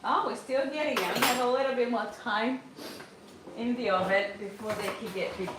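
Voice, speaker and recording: Speaking a little fast with a fairly high pitch, a middle-aged woman streams live from her home kitchen as she cooks. The chatty host, a mother of a large family, reads viewers' comments aloud and laughs often. The recording has kitchen echo and faint noise.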